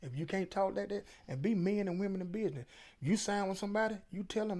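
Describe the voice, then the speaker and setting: A man's voice: high voice, fairly quick, creaky, warm tone. A middle-aged man, a featured interview guest, telling stories in a casual, emphatic, preachy way. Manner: preachy, emphatic, Southern Black vernacular.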